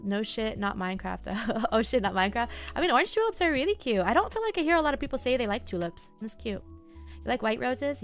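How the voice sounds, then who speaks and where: Young woman streamer, casual musing chat, slight vocal fry, soft music underneath. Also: medium pitch. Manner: soft, musing, talks to herself and chat with many fillers. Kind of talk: casual live-stream chat while journaling.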